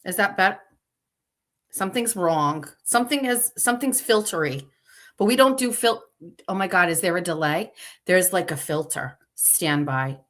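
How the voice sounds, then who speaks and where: A woman's voice: fairly low pitch, expressive, normal speed, fairly bright tone. A woman hosting a livestream in casual chat, flustered and talking to herself while she fixes her stream settings live. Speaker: show host.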